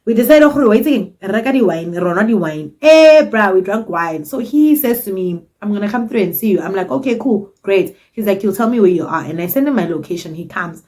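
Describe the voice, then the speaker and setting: A South African woman in her twenties, telling a casual storytime in an animated, dramatic and cheeky way. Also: medium pitch, brisk, hardly any pauses. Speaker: vlogger.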